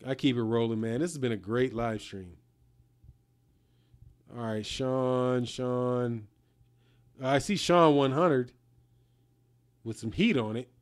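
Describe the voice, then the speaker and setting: A man's voice: mid-range voice, slow, long pauses. A man hosting a casual live stream, talking loosely in slang, reading out viewer comments and a little tipsy from whiskey.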